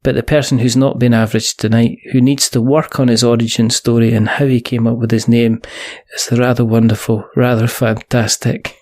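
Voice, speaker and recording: A man's voice: mid-range voice, level tone, fairly quick, few pauses, darkish tone. A man hosting a podcast, wrapping up with teasing, rambling jokes. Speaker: podcast host. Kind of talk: casual podcast chat and sign-off.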